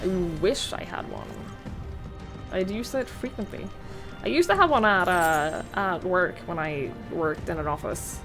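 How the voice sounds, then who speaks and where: A woman's voice: lowish voice, animated, over music. A woman streamer chatting casually while playing a video game, rambling with many "like" fillers. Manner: chatty, rambling, full of "like" fillers, quick laughs.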